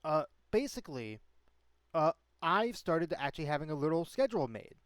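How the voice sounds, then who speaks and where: A man's voice: a little high, very animated, a little fast, no echo. A man hosting a casual stream chat as game master, rambling with many fillers and restarts.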